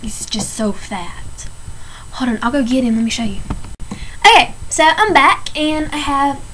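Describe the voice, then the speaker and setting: A woman's voice: sits high, expressive, moderate pace, fairly bright tone, a little hiss or hum, rough recording. A teenage girl ranting casually in a vlog, chatty and exasperated, full of "like". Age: teens. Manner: chatty, filler-heavy, exasperated. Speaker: vlogger.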